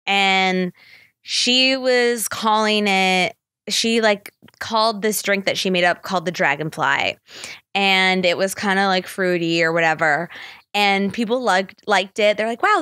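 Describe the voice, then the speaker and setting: A woman's voice: medium pitch, bright, forceful tone, no room sound, studio quality. A young woman hosting a podcast, telling a story in a blunt, profane casual chat, full of "like" fillers. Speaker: podcast host.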